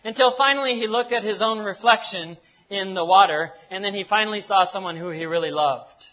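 A man's voice: high voice, brisk, sharp tone, muffled recording. A man from the United States preaching a sermon in a folksy, joking way, with simple words and repeated phrases. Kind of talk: sermon with jokes and Bible reading.

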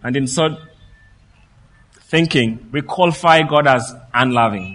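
A man preaching a sermon, telling the story in a lively way and acting out what the people in it say. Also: medium pitch, a little slow, pauses often, in a large hall. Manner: lively storytelling preacher who acts out the quoted speech.

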